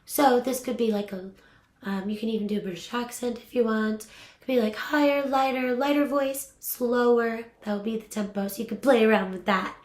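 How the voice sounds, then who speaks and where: A young woman teaches voiceover in a casual, chatty way, upbeat and full of little fillers. Her voice sits a bit high for a woman. The recording has an echoey room sound. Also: fairly even intonation, brisk, a little mellow. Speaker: voiceover coach.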